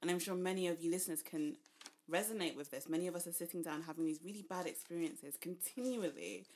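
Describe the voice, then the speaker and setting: A woman's voice: lowish voice, quick pace, a little mellow. A woman podcast host in a casual chat who speaks earnestly and reflectively to her listeners.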